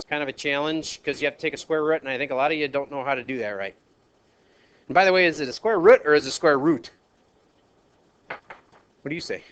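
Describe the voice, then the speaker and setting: Minnesotan math teacher lecturing a class. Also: male voice, mid-range voice, noisy background. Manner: asks the class questions, jokes and polls students.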